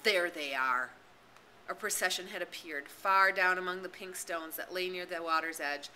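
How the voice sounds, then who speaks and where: A woman's voice: fairly low pitch, steady tone, normal speed, pushed and bright, a little hiss or hum, low-quality recording. A woman narrating a novel as an audiobook, reading expressively and dramatically. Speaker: reader and tutor.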